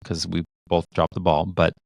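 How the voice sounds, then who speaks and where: A man's voice: low-pitched, monotone, moderate pace, gravelly, darkish tone, no echo, dull audio. A middle-aged man co-hosting a podcast, talking in a reflective, casual way with many restarts. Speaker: podcast co-host. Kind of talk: casual conversational chat.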